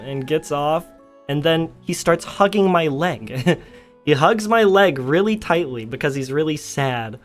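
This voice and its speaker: A man's voice: a little high, a little slow, soft background music. A streamer telling a story in casual chat, laughing often as he talks. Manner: giggly storytelling.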